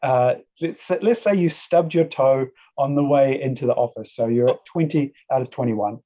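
A man narrating as game master of a tabletop game, talking in a casual, halting way. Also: medium pitch, dark tone. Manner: casual, halting, with fillers and laughs.

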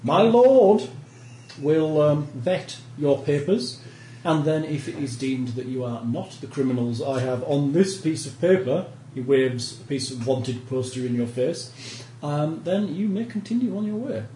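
Guy doing stuffy noble officer, formal, polite threats, kinda high voice, echoey room. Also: lively intonation, a little slow, warm tone, slight background noise. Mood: haughty. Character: pompous minor noble officer, male adult.

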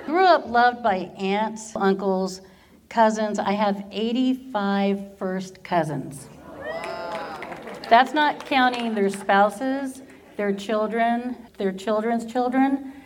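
An American woman in her fifties tells her faith story with plenty of humor, her voice breaking into laughter as she goes. She has a middle-pitched voice and the easy warmth of a personal testimony. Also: takes it slowly. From Southern California, USA. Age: 50s. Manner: humorous storyteller who laughs often through her stories. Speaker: speaker giving her testimony.

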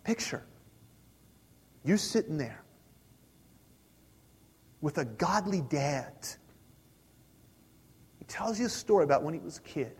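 A pastor in his forties preaches a sermon in a church sanctuary, talking casually with the congregation and asking them questions. His high-pitched voice is a little mellow, with a breathy edge. Hall reverb fills the recording.

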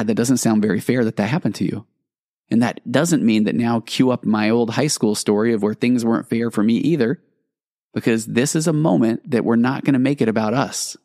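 A man's voice: lowish voice, warm tone, no echo, studio quality. A man hosting a solo podcast, talking earnestly about parenting and acting out little dialogues with his kids, with self-deprecating asides. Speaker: podcast host. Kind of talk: reflective solo podcast talk.

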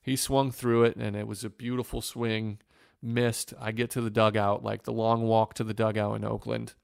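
A man from Northwest Ohio, a former pitcher, telling an earnest and emotional story in an interview. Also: flat delivery, normal speed, creaky, smooth, no echo, clean studio sound. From Northwest Ohio, USA. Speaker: former professional baseball pitcher, guest.

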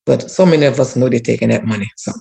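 Gravelly woman telling her story. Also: extremely low pitch, very fast, warm tone, low-quality recording. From Louisiana. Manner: earnest, repetitive restarts, prayerful. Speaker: community activist, former teacher. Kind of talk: emotional personal storytelling.

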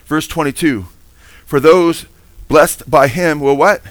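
A middle-aged man, a pastor, preaching a sermon with animated emphasis and call-and-response questions to the congregation. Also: on the high side, moderate pace, dry recording.

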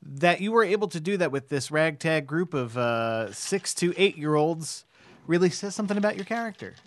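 A man co-hosting a podcast, chatting casually and offering supportive comments in quick bursts. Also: a little high, animated, no room sound. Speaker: podcast co-host. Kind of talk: casual chat.

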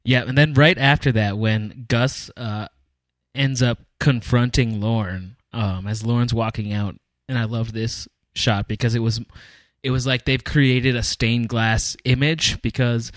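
A man's voice: medium pitch, fairly even intonation, a little slow, dry recording, clean studio sound. A man co-hosting a casual podcast chat, talking in long, thoughtful runs full of fillers. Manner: rambling, thoughtful, many fillers. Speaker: podcast co-host.

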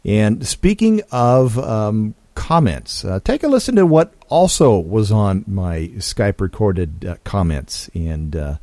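A man's voice: on the low side, takes it slowly, hardly any pauses, dry recording. A man hosting a podcast, talking casually with fillers and restarts between listener comments. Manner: relaxed, chatty with frequent fillers and restarts. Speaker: podcast host.

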